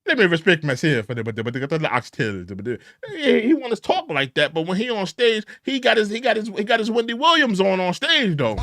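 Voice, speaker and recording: A man with a high, bright voice that leaps all over the place. He is an opinionated commentary host who mocks and repeats himself for emphasis. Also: fairly quick, hardly any pauses, no room sound. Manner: mocking, repetitive and animated.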